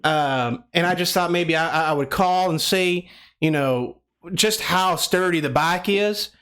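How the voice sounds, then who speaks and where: A man's voice: a little high, measured pace, a bit bright, smooth. A man putting on a Southern accent to play a chatty, stammering dad on a prank call. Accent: put-on Southern US. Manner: rambling, stammering, apologetic. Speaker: prank caller.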